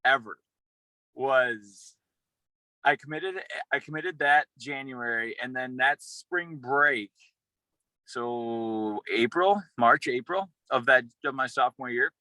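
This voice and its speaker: Bright-voiced young man telling a story. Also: medium pitch, slow, no echo, rough recording. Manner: rambling, excited, with many restarts and fillers. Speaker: former college football player, radio personality. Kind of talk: casual storytelling interview.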